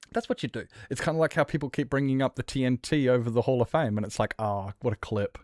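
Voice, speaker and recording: A man's voice: mid-range voice, brisk, darkish tone, dry recording, clean studio sound. A man streaming a game, chatting casually in a rambling, jokey way and laughing often. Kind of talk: casual gaming stream chat.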